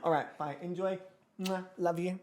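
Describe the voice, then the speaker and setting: A woman hosting a game stream from home, chatty and excitable, swearing freely and chatting to her pets between rounds. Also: fairly low pitch, normal speed. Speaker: host of an online reality show game stream. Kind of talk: casual livestream chat.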